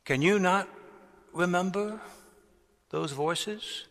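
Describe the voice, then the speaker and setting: A man preaching a sermon as a pastor, deliberate and rising to strong emphasis on key words. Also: sits high, fairly bright tone. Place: large cathedral. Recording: long cathedral reverb.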